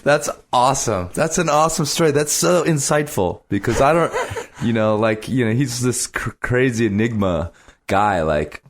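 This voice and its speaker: A man's voice: medium pitch, animated, moderate pace. A man hosting a podcast interview, chatting casually with joking asides and frequent laughter. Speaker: podcast host.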